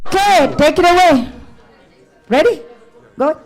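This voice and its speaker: A woman's voice: extremely high pitch, expressive, a little slow, low-quality recording. A woman hosting a live festival, energetically calling out to rouse the crowd. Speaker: festival emcee.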